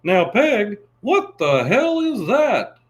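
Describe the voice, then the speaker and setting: Man imitating a cartoon propane salesman, raised pitch, slow twangy drawl, fussy. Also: sing-song, lo-fi sound, exaggerated voice. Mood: folksy. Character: drawling middle-aged male propane salesman, cartoon dad.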